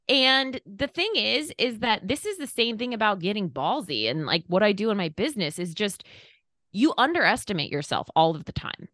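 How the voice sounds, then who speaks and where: Thirties woman, blunt n lively, swears a bit, dry close sound. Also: mid-range voice, dry recording. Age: 30s. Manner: blunt, fast and animated, swears casually. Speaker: podcast guest. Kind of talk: candid conversation.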